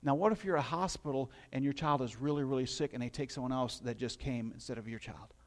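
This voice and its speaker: A man's voice: medium pitch, quick pace. A middle-aged male pastor preaching a sermon in a conversational storytelling way, with asides to his listeners.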